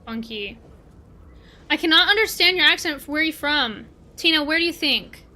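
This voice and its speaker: A Canadian woman streaming a game, her voice high and bright. She chats loosely with her viewers as she plays and answers them as they come in. The talk is casual and rambling. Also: animated, moderate pace. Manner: chatty, talks back to chat while playing. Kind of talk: casual livestream chat.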